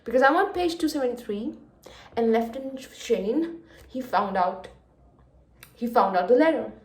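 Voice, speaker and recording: A young woman reacting emotionally to a book in a casual reading vlog, going from hushed gushing to loud exasperation. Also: on the high side, animated, moderate pace. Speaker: book vlogger. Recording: echoey room.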